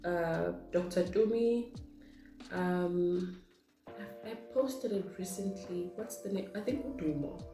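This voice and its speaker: A Zulu-speaking vlogger from South Africa talks in a lowish, dark voice at a slow pace. She reads questions aloud and then answers them in a chatty, rambling get-to-know-me Q&A. The room is echoey, with faint music audible.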